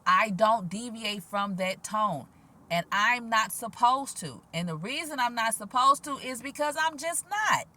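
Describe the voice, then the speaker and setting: Quiet-voiced sassy woman vlogger, bright tone, slightly high, casual and lively. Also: measured pace. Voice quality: quiet, gentle voice. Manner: animated, sassy, laughs often, soft-spoken. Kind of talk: casual spiritual vlog monologue. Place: outdoors.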